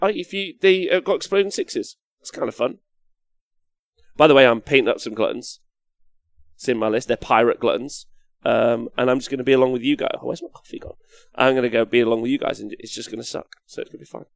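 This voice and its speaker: A young man hosting a casual live stream while painting miniatures, excitable, swearing and reading chat comments aloud. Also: mid-range voice, fairly quick, vocal fry, no room sound. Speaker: livestream host.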